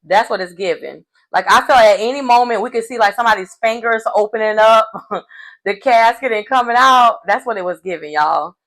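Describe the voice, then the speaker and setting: A woman tells a casual recap of a reality show. She talks in an animated, slangy way. She sounds like a chatty storyteller. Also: a little high, moderate pace, low-quality recording. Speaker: recap host.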